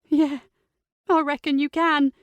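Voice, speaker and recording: A woman voicing an upset teenage girl, speaking high and quick in an audiobook. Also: level tone, no echo, highs cut off. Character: distressed teenage girl, tearful and defiant.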